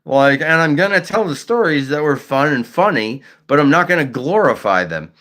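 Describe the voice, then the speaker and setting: A man's voice: a little high, expressive, normal speed, fairly bright tone. A man hosting a casual livestream chat, talking bluntly and with lots of swearing, and stuttering at times. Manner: blunt, profane, ranting. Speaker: livestream host.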